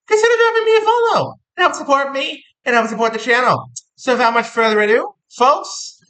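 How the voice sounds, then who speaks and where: A woman giving a casual tarot reading, animated and playful, often repeating words for emphasis. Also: sits high, fairly quick, rough recording. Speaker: tarot reader.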